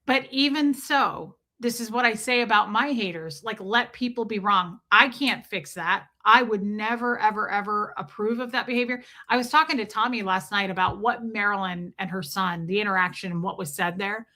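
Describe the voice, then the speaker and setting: A woman's voice: mid-range voice, moderate pace, hardly any pauses, bright, forceful tone. A middle-aged American woman hosting a live stream, talking bluntly and profanely while reading viewers' chat messages. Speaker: livestream host. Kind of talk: live-stream commentary, reading super chats.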